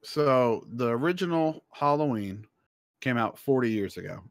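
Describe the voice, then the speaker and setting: A man's voice: medium pitch, animated, normal speed, no room sound. A man co-hosting a casual podcast chat, telling a story eagerly and rambling a little. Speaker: podcast co-host.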